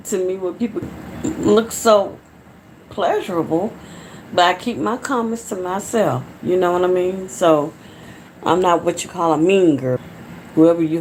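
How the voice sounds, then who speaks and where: Low-voiced Atlanta woman chatting on a livestream. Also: darkish tone, slight background noise. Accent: Southern American (Atlanta). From Atlanta, Georgia, USA. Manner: rambling, chatty, talks straight to viewers. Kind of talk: casual live-stream chat. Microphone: phone.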